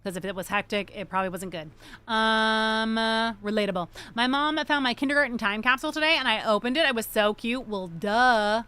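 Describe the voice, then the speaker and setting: A woman's voice: on the high side, fairly quick, sharp tone, clean tone. A young adult woman livestreaming a game, chatting casually in a rambling, joking way and swearing freely. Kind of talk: casual chat while gaming.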